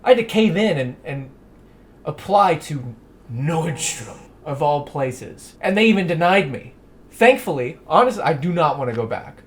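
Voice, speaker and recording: A young man with a fairly high voice talks in a loose, rambling way in a casual home vlog. He is self-deprecating and swears casually. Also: lively intonation, a little slow. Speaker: vlogger. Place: at home, doing laundry and in his bedroom.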